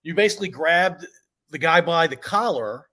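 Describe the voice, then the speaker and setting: A man's voice: a little high, expressive, normal speed, sharp tone. A man hosting a podcast who asks questions in an easygoing way, repeating words as he cuts in. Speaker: podcast host. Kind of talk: casual interview.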